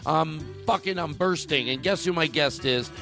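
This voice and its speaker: A man's voice: a little high, moderate pace, gravelly, pushed and bright, soft background music, pitched above the performer's own voice. A man playing an upbeat late-night radio DJ. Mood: hyped. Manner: hyped announcer patter.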